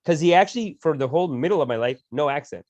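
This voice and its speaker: Animated, joking man. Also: fairly high pitch, fast, no echo, lo-fi sound. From Canada. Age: adult, not yet sixty. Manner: animated, joking, laughs often, mock-reverent. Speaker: comedic reaction host. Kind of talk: satirical reaction commentary.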